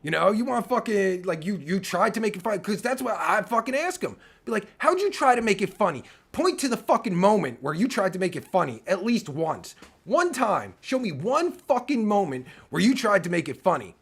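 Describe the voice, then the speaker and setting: Brief: 40s man, gravelly, swings high and low, profane rambling rant, voice wearing thin. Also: very animated, a little fast. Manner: loose, rambling, heavy swearing, keeps breaking off mid-sentence. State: losing his voice. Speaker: online video creator.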